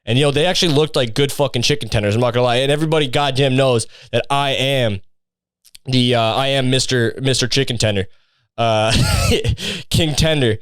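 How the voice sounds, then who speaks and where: A young podcast host rambles through a sarcastic, profane comedy monologue. His smooth, clean voice is medium-pitched, fairly bright and a little fast, recorded close and dry with no echo.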